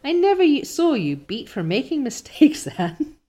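A woman's voice: sits high, sing-song, normal speed, warm tone, voice pushed up. A stern, dry older guardian, as a woman reads her lines. She is blunt and unsentimental in this storybook.

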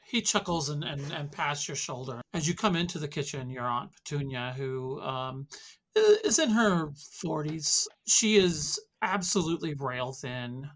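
A woman narrating a tabletop game as game master, descriptive and often pausing on fillers. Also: sits low, sing-song.

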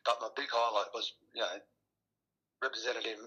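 A man's voice: medium pitch, fairly even intonation, moderate pace, bright, forceful tone, breathy edge, dull audio. A middle-aged man, a retired rugby player, talking casually as an interview guest, rambling with many restarts and fillers. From Australia.

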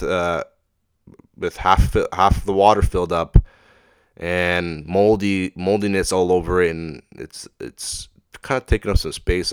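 A man's voice: deep voice, smooth, dry recording, studio quality. A young man hosting a casual solo podcast, rambling and swearing freely in a laid-back way. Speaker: podcast host.

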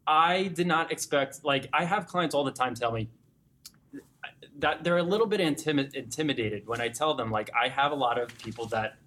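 A young man, a fitness coach, being interviewed and telling client success stories in an animated, conversational way, speeding up in excited bursts with frequent restarts. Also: mid-range voice, normal speed. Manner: animated storyteller, grows excited and emotional when recounting clients. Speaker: fitness gym owner or coach.

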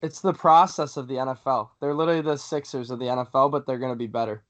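A man's voice: mid-range voice, steady tone, fast, fairly bright tone. A young man hosting a casual sports podcast, talking in a hyped way and laughing easily. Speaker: podcast host. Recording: dull lo-fi recording.

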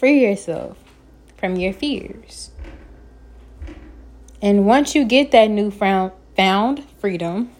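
A woman's voice: medium pitch, lively intonation, slow, pauses often, a little mellow. A woman hosting her own podcast, giving an earnest, encouraging self-help talk and sometimes stumbling over her words. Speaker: podcast host.

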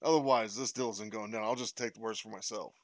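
A man's voice: lowish voice, steady tone, quick pace. A man playing a tabletop game, speaking in character, bargaining hard with a wry, swearing manner. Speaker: player.

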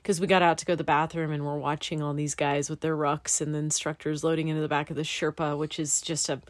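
Talking fast in a low-pitched voice with no echo, this young woman, a student pilot, shares candid stories with some swearing in an animated, casual podcast conversation.

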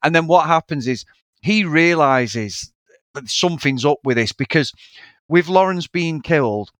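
Animated sweary man. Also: a little high, measured pace, no room sound. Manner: sweary, animated, mocking impressions. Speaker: podcast co-host. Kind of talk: casual film review chat.

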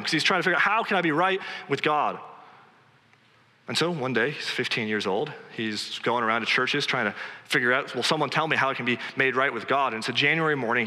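A man's voice: mid-range voice, sharp tone. A man preaching a sermon, pressing his points with emphatic, repeated exhortations. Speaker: pastor. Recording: long reverb of a large hall.

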